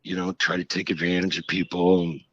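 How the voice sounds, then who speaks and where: A middle-aged man, an author, telling his story frankly in an interview, halting and reflective with many restarts. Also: deep voice, level tone, a bit bright, slightly rough, dry recording. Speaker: author guest. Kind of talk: candid interview conversation. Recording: slightly dull lo-fi audio.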